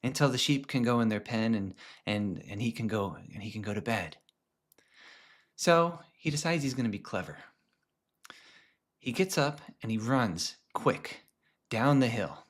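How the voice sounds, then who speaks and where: A man's voice: mid-range voice, expressive, measured pace, long pauses. Man telling a teaching story. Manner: conversational, many restarts, drops to a hush at times. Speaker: presenter. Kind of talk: storytelling lesson.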